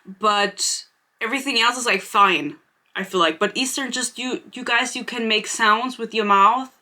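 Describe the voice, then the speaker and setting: A woman's voice: a little high, normal speed, sharp tone. A young woman from Germany with a German accent, rambling casually to her viewers as the host of her book channel. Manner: rambling, self-interrupting, chatty. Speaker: booktube host. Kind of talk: casual chat to camera.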